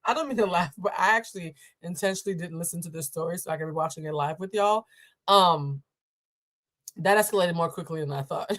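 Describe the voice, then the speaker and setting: Animated, profane woman from Boston. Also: on the low side. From Boston, USA. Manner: animated, profane, blunt, laughs often. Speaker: host reacting to a viral clip. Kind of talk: live-stream commentary.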